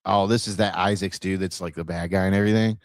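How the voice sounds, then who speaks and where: A man from Ohio hosting a podcast, telling stories in a loose, animated way and acting out the dialogue, with casual swearing. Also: deep voice, fast talker, no room sound, studio quality. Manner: animated storyteller who acts out dialogue and swears freely. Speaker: podcast host.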